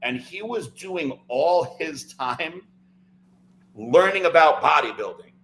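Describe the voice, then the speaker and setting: A man's voice: on the high side, animated, slow pace, fairly bright tone, a little hiss or hum, low-quality recording. A man, a podcast guest, telling a long personal story in casual chat, often tagging "right?" and "like". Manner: rambling, fills talk with "like" and "right?".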